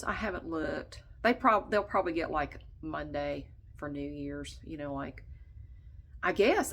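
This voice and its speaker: A woman's voice: mid-range voice, expressive, moderate pace. A woman vlogger chatting casually, stuffy and nasal, short of breath, venting bluntly and swearing freely. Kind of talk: casual chat to camera.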